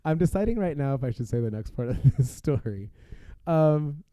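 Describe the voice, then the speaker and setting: A man spinning a party anecdote as a podcast guest. His voice is mellow and dark. The room is dead dry, and his telling is animated and full of laughter. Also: fairly high pitch, moderate pace, dry recording. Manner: animated, laughing, filler-heavy. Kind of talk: casual storytelling.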